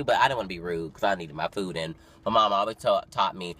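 A young man of nineteen vlogging casually, chatty and dramatic, full of fillers and sudden loud, excited storytelling. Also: low voice, fast talker. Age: young adult. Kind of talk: casual vlog talk to camera. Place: parked car. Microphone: phone camera.

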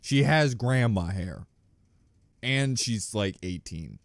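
A man rambling through reaction commentary with lively swings in pitch and crude, self-mocking jokes. He often laughs at himself between remarks. The sound is dry and close, with no room around it. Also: slow, creaky, no echo. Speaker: reaction channel host.

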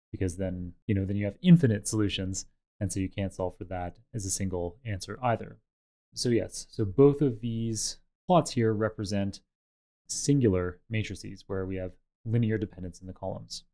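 Mellow low-voiced man teaching. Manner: measured, explanatory, with occasional fillers. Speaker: instructor. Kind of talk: explaining a tutorial over slides and code.

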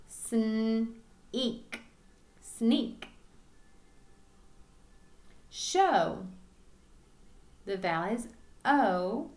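Very slow, clearly enunciating woman teacher. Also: medium pitch, a bit bright. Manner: slow, drawn-out, clearly enunciated word drills. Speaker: kindergarten teacher. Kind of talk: phonics lesson for young children.

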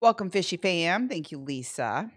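A woman's voice: fairly low pitch, expressive, moderate pace, fairly bright tone. A woman hosting a casual live slot stream from home, playfully chatting and greeting viewers by name. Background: faint slot game music.

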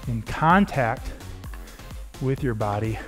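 This fitness coach's mid-range voice has lively intonation and a slow delivery. He cheerfully encourages his class through a workout, counting reps and cueing form while faint music plays behind him.

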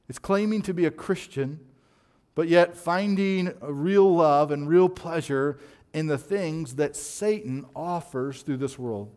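A man preaching a sermon as pastor, reading scripture and telling a story from his own life, rising to near shouts when he acts out quoted voices. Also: medium pitch.

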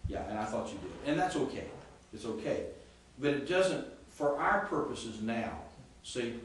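A man's voice: medium pitch, expressive, measured pace. A man teaching a Greek class, explaining with frequent restarts and checking that students follow. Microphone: far camera. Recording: echoey classroom from far off with faint noise.

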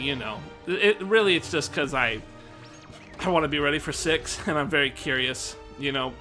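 A man's voice: medium pitch, pushed and bright. A young American man streaming live, chatting casually and rambling about his day, swearing freely and a little out of breath. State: slightly out of breath. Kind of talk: casual rambling chat to viewers.

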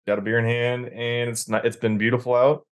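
A man co-hosting a hockey podcast in casual chat, animated and swearing freely as he argues his point. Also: mid-range voice, brisk. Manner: animated, swears when worked up. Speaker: podcast co-host.

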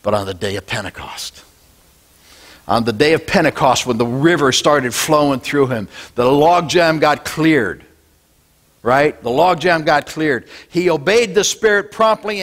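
A male pastor preaching a Sunday sermon, swinging between loud declarations and low, quiet lines. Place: church sanctuary.

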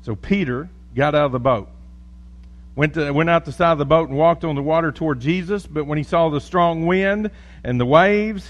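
A man preaching a sermon as pastor, reading scripture and praying, with a folksy, joking storytelling manner. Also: fairly high pitch.

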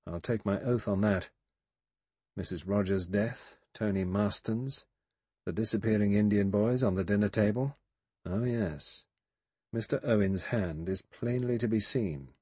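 A man's voice: lowish voice, measured pace, dark tone, slightly rough, dry recording. A man voicing a cool, sardonic male adventurer in an audiobook, talking in a dry, guarded way. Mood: grim.

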